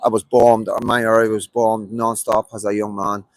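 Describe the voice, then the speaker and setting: A man's voice: fairly low pitch, little pitch movement, moderate pace, no echo, low-quality recording. Man, Belfast accent, middle-aged, emphatic, repetitive, plenty of fillers, dry close sound. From Belfast, Northern Ireland. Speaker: livestreamer. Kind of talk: rambling live political monologue.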